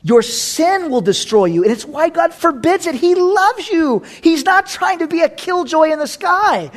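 A man's voice: extremely high pitch, very animated, measured pace. A man pastor preaching a sermon, reading scripture and joking, with sudden dramatic swings in his delivery.

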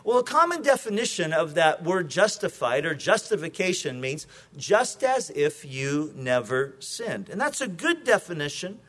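A man's voice: a little high, big pitch swings, moderate pace, hardly any pauses, fairly bright tone. A male pastor preaching an evening sermon, joking with the congregation before teaching from scripture.

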